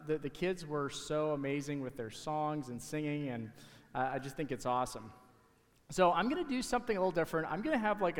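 A man talking to the kids in church, giving a casual, halting object lesson from the stage. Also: mid-range voice. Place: church sanctuary. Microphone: handheld or stage mic. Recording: hall reverb in a sanctuary.

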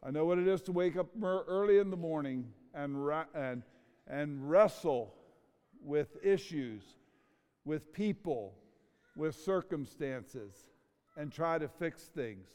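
A middle-aged man preaching a sermon in a church, emotional and full of rhetorical questions with dramatic pauses. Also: a little high, expressive, a little mellow, smooth. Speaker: pastor. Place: church sanctuary. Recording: long reverb of a large hall.

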